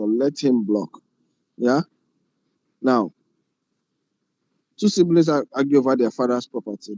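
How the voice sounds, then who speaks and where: A man's voice: mid-range voice, a little mellow, no room sound, dull audio. A man lecturing a film class on directing, often repeating phrases and asking rhetorical questions.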